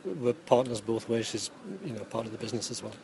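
A man's voice: mid-range voice, fairly even intonation, fast talker, creaky, darkish tone. A middle-aged man from Newcastle with a Geordie accent, explaining his work in a rambling way with dry humour and lots of ums. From Newcastle, England. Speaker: yarn dyer and former chemistry teacher. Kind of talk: casual interview answers. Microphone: interviewer's phone.

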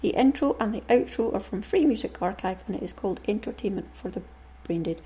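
A woman's voice: mid-range voice, expressive, a little fast, warm tone. A woman hosting a craft podcast, chatting in a homely, rambling way and reading aloud. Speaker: podcast host.

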